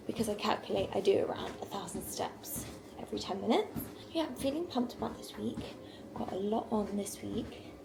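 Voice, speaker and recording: A woman's voice: on the high side, gravelly, noisy background. A woman vlogging casually at home while walking on a walking pad, chatty and rambling, on a small wireless mic. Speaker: lifestyle vlogger. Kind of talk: casual vlog chat to camera.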